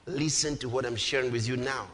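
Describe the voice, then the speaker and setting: A man preaching a sermon with fervour, often shouting and drawing out his words. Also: medium pitch, fairly even intonation, brisk. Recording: hall reverb.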